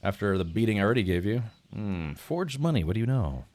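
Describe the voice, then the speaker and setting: A man's voice: fairly low pitch, very animated, a little fast, a little mellow, dry recording. A man streaming a game, chatting casually, laughing often and talking to his viewers in rambling asides. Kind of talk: casual live gameplay commentary.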